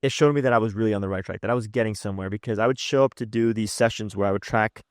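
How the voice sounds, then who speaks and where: A man in his late twenties telling his personal story in a casual, animated, rambling way, full of "like" and restarts. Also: on the low side, very fast, no echo, studio quality. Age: late 20s. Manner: animated, rambling, heavy use of "like". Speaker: health coach and channel host.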